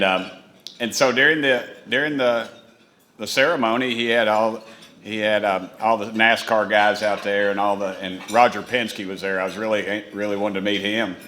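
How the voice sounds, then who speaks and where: Man, East Tennessee accent, bright voice, rambling folksy storyteller, echoey banquet hall. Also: on the low side. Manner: folksy, rambling, self-mocking, with many restarts. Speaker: congressman giving a dinner speech. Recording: echoey hall, faint room noise.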